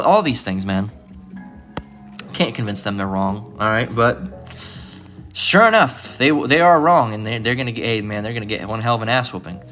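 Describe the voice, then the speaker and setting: Male preacher, mid-pitched, casual and profane, repetitive "all right?" delivery over faint background music. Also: fairly bright tone. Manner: loose and profane, tags lines with "all right?"; emphatic, often repeats himself. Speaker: preacher teaching a Bible lesson. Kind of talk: informal sermon-style Bible lesson.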